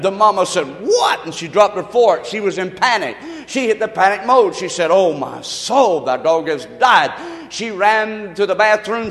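A man's voice: sits high, fairly bright tone, in a large hall. A man preaching a sermon as pastor, telling a folksy story with emphatic delivery.

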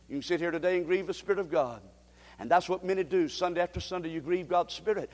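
A man with a very high voice preaches from the pulpit, and his words ring out in a church hall with a long reverb. His delivery is emphatic and swings from lower, quieter stretches to sudden shouted peaks. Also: fairly quick. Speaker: pastor. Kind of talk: sermon. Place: church sanctuary.

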